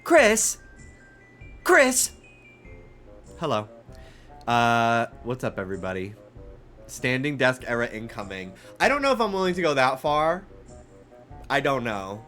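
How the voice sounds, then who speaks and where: A man's voice: medium pitch, moderate pace, soft background music. A young man with a faint New York accent, a streamer chatting casually and rambling with his live chat, full of fillers. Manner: rambling, animated, frequent fillers.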